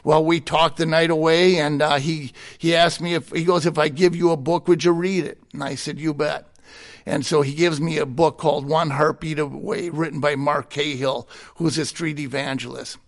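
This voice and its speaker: Brief: middle-aged man, candid guest telling his testimony, slightly high voice, plain and unpolished. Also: fairly even intonation, normal speed. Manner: plainspoken, candid, chuckles between anecdotes. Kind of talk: personal testimony in conversation.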